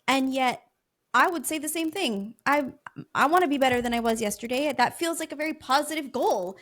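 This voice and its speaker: A woman podcast host in a casual conversation, affirming and animated as she responds. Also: high voice, brisk.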